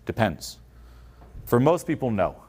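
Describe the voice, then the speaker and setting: Male motivational speaker on stage, animated, mid-pitched, lively inflection. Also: a little slow, breathy edge. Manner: animated, acts out quoted voices. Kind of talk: motivational conference talk. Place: conference stage.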